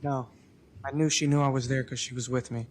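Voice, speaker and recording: A man's voice: medium pitch, flat delivery, a little fast, a little hiss or hum. A man testifying as a defendant in a courtroom, giving short, subdued answers.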